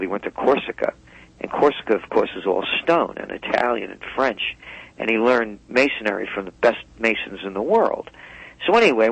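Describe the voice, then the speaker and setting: A man's voice: mid-range voice, fairly bright tone, no room sound. A man speaking as a guest in a radio interview, emphatic and heated as he tells a story. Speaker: guest commentator. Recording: dull dry phone line.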